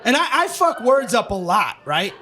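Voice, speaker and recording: A man doing stand-up comedy on a club stage, ranting profanely and shouting punchlines. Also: extremely high pitch, sing-song, normal speed. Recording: live comedy club, noisy audience.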